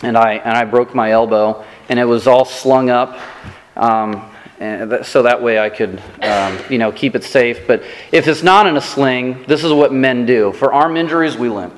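A man preaching a sermon as pastor, telling self-deprecating stories in a lively, animated way. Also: medium pitch, moderate pace, long reverb tail, a little hiss or hum.

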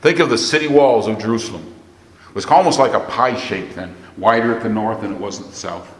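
A man's voice: on the low side, a little fast. A man from the United States with an American accent, preaching a sermon conversationally and asking the congregation questions. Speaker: pastor. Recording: echoey long reverb of a church hall.

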